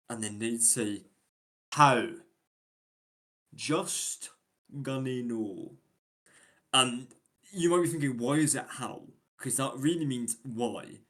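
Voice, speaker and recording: Chatty Yorkshire man, laughing often. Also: mid-range voice. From England. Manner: chatty, laughing, many fillers and restarts. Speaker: host presenting British slang. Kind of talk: casual chat.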